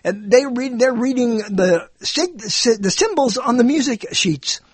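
A man giving a rambling spoken monologue, animated and digressive, often correcting himself mid-sentence. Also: extremely high pitch, a little slow, husky, no echo. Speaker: monologue speaker.

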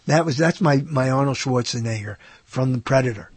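A man's voice: mid-range voice, a little fast, breathy edge, no room sound. A man hosting a radio show, rambling casually about movies, often trailing off with uh and short laughs. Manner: rambling, self-interrupting, lots of uh and laughs.

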